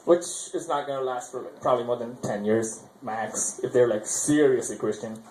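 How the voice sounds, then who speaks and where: A man's voice: mid-range voice, normal speed, darkish tone, a little hiss or hum. A young man from India doing open mic stand-up, rambling and correcting himself and chuckling at his own jokes. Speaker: stand-up comedian. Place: small open mic venue. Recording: roomy live venue sound.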